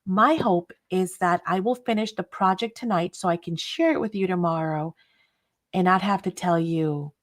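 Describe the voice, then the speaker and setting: A woman's voice: fairly low pitch, moderate pace. A woman hosting a casual craft livestream, chatting and laughing often and greeting viewers by name.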